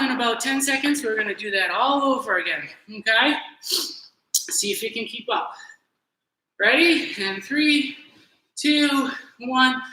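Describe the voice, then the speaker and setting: A woman leading a virtual beginner gymnastics class, encouraging kids through warm-up drills, out of breath as she goes. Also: a little high. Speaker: gymnastics coach. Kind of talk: virtual fitness class instruction. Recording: very echoey room, faint noise.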